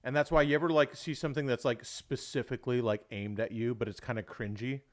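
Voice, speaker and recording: A man's voice: medium pitch, fairly even intonation, quick pace. A young adult man hosting a livestream, talking casually and at length, swearing often and calling people "dude". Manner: rambling, swears often, says "dude" a lot. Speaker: livestream host.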